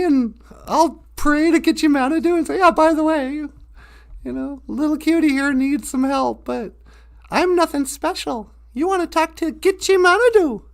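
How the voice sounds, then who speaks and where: A woman voicing a chatty, self-mocking old male eagle in a spoken storybook. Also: high-pitched.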